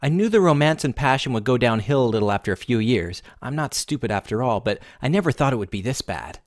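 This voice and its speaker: A man's voice: mid-range voice, expressive, fast, dry recording, studio quality, lightly acted. A man voicing a sobbing, desperate married woman, pleading shakily through tears. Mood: tearful. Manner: tearful, shaky pleading.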